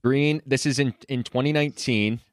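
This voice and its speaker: A man's voice: medium pitch, moderate pace, no echo, clean studio sound. A man co-hosting a podcast, jumping in and reading quotes aloud during casual talk. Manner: interjecting, reads aloud from a screen. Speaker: podcast co-host.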